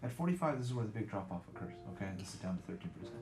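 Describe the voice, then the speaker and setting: Male doctor, quick and reassuring, roomy sound, music bed underneath. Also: on the low side, sing-song. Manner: brisk, reassuring, keeps checking in. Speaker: fertility doctor. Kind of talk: explaining to a patient.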